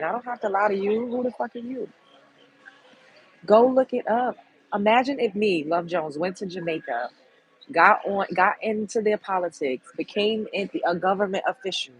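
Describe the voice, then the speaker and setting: A woman with a very husky, breathy voice that sits low for a woman. She hosts a livestream and rants to her viewers in blunt, heated, profane commentary. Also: poor audio. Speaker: livestream host.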